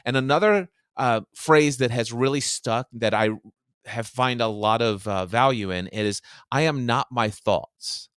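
Man, podcast chat, thoughtful, stammering restarts, mid pitch, dry. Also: fairly bright tone, clear, resonant tone, no echo. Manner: halting, reflective, repeats words. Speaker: co-host, coach. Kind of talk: casual podcast conversation.

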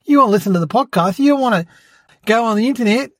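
Performing a comedic character monologue, an adult voices a boastful, cheeky young boy who hosts his own podcast, rambles, tells fibs and keeps saying "mate." The voice is natural and medium-pitched, animated and fast, with no room sound.

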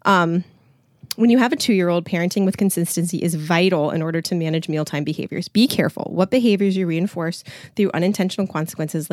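A woman's voice: fairly low pitch, darkish tone, dry recording, clean studio sound. A woman podcast host and coach, reading passages from a book aloud and adding casual, filler-heavy commentary. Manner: conversational, frequent filler words.

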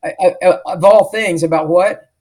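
A man's voice: high voice, moderate pace, darkish tone. A middle-aged man, an author and podcast guest, telling a story emphatically and acting out the dialogue he remembers. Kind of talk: storytelling in an interview.

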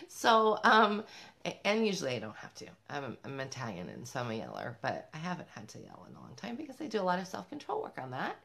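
A woman's voice: sits low, huge pitch swings, fast, creaky, a bit bright. A woman talking to the camera as a parenting vlogger, upbeat and emphatic, speaking straight to other mothers and laughing between points. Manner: upbeat, emphatic, addresses viewers directly. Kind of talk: motivational talk to camera.

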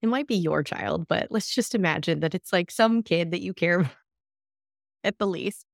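A woman hosting a solo self-help podcast, talking in a lively coaching tone. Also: on the low side, moderate pace, vocal fry, no room sound, clean studio sound. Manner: lively coaching tone, acts out imagined reactions. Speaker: podcast host.

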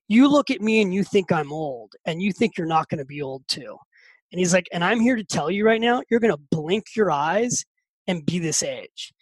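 A man in his fifties, a podcast guest and author telling a story in a lively, animated way and often repeating words as he gets excited. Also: sits high, no room sound, poor audio. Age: 50s. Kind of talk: casual storytelling.

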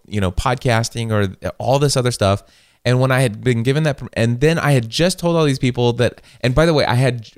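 Man, forties, podcast host, animated storytelling, smooth, dry close mic. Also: mid-range voice, dry recording. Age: 40s. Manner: animated storytelling, quoting himself. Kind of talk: casual chat.

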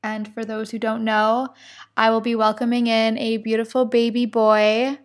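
A woman's voice: fairly high pitch, flat delivery, normal speed. A young pregnant woman hosting her own podcast, chatting about her life and tearfully reading a journal entry, laughing through tears. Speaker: podcast host.

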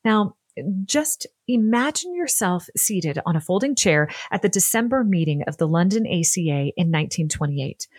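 A woman narrating a scripted history podcast in an expressive, playful way. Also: fairly low pitch, a little hiss or hum. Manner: expressive and playful, laughs often.

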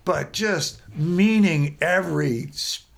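A man, a musician guest, chatting on a podcast and telling animated stories about recording. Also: on the high side, slow, gravelly. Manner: animated storyteller, acts out quoted voices. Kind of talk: casual podcast conversation.

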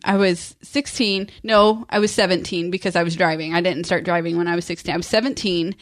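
A middle-aged woman chatting and telling stories, with quick asides and laughs. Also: medium pitch, dry recording, clean studio sound. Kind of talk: casual storytelling chat.

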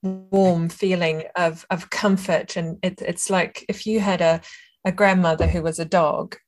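Low-voiced woman hosting an interview. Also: little pitch movement, a little slow, faint music behind. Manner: thoughtful, hesitant restarts while asking. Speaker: podcast host. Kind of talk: casual interview chat.

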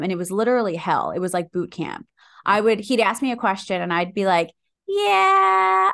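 Animated woman telling her story. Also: fairly low pitch, creaky. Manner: animated, swears freely, acts out her own inner voice. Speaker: podcast guest. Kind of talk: casual storytelling.

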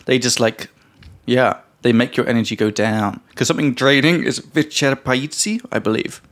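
A young man co-hosting a podcast, chatting casually and explaining English vocabulary with a relaxed, joking manner. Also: mid-range voice, moderate pace. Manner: laid-back, swears casually, laughs a lot. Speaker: podcast co-host, English teacher.

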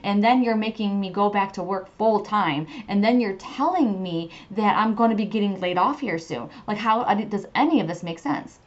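A woman voicing an exasperated man who frets over a car loan, whining in high-pitched disbelief. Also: normal speed, hardly any pauses, muffled recording, lightly acted. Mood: indignant.

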